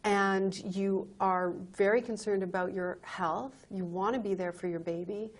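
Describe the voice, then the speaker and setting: A woman's voice: medium pitch, fairly even intonation, measured pace, close to an everyday voice. A woman playing a clinic counselor in a training video, insistently lecturing a patient about his health. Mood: pressing.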